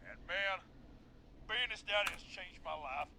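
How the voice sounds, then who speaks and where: A man's voice: sits high, a little slow, gravelly, noisy background. An actor playing a boastful male radio caller, a proud young father who taunts a killer with cocky tough talk.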